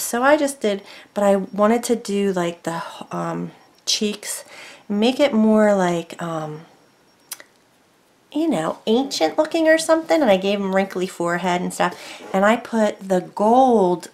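A woman's voice: medium pitch, a little mellow. A woman crafter talks through her projects in a loose, rambling way, stopping and correcting herself often. She chats casually from her desk at home. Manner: rambling, chatty, full of fillers and self-corrections. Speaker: craft vlogger. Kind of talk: casual show-and-tell chat.

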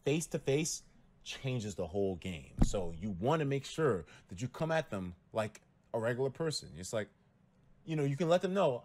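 A young man talking casually to his viewers on a livestream, telling stories and acting out quotes with loud jumps in pitch and lots of cursing. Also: moderate pace, background noise. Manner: animated storytelling, acts out quotes with big pitch jumps and cursing. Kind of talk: casual stream talk to viewers.

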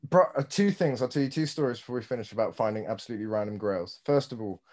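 A man from Britain, a guest on a podcast chatting casually and telling animated, joking stories. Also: mid-range voice, fast. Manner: animated storyteller, swears, mimics others. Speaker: guest, vintage apparel company co-owner. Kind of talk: casual chat.

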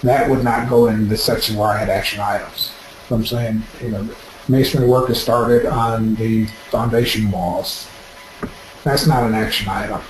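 A man's voice: fairly low pitch, roomy sound, slight background noise, poor audio. A man giving practical, explanatory advice as the presenter of an instructional webinar.

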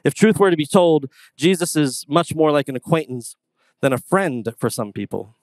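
A man preaching a sermon as pastor, telling casual stories in an animated, conversational way. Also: a little high, moderate pace, dry recording. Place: church sanctuary.

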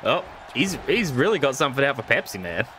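Speaking fast at a medium pitch, a young man commentates on a wrestling video game during a live stream, over a faint hiss or hum. He jokes constantly, swears plenty, laughs often and stays excitable in this casual chatter.

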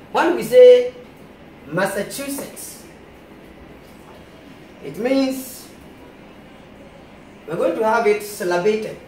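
A Ghanaian man with a high voice gives a mock classroom lecture as a comic grammar teacher. He drags out his words and explains in a slow, deliberate way. He sounds distant from the mic, in a roomy space with faint background noise. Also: darkish tone.

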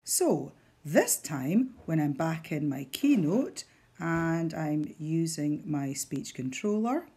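A woman's voice: low voice, sing-song, takes it slowly, mellow, a little hiss or hum. A woman, a teacher walking learners through a device step by step with patient guidance. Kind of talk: instructional screen demonstration.

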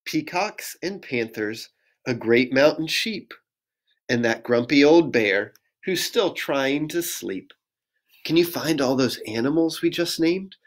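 A man, a pastor, reading a children's picture book aloud in a gentle sing-song voice and inviting young listeners to join in. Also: medium pitch, lively intonation, slow pace.

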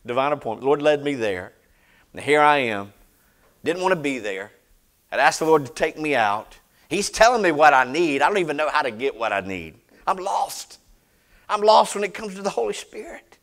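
A man's voice: fairly high pitch, sing-song, normal speed. Man preaching with dramatic swings. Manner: dramatic swings from loud preaching to hushed retelling. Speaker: pastor. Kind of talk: sermon storytelling.

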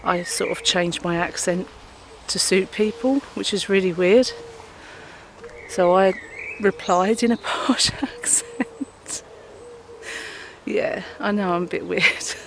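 A woman's voice: steady tone, measured pace, slight background noise. A woman vlogging while walking her dog outdoors, talking to her phone camera in a chatty, rambling way. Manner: chatty, rambling, talks to her dog in a high sing-song voice. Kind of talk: casual chat to camera.

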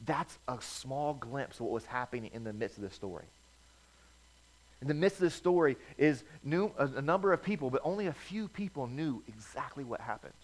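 A male pastor preaching a sermon in a storytelling manner, swinging between loud bursts and quiet asides. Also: mid-range voice, expressive, brisk, poor audio.

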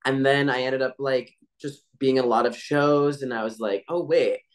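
A man's voice: mid-range voice, steady tone, moderate pace. A young man, a voice actor guest, chatting casually in a laid-back way with lots of filler words. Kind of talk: casual interview chat.

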